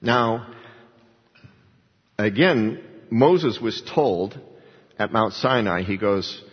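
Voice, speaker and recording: Husky-voiced preacher in an echoing church. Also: male voice, on the low side, lively intonation, drawn-out words, long pauses. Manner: preaching with quoted voices and emphatic swells. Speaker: pastor. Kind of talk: sermon. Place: church sanctuary. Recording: dull lo-fi church recording with long reverb.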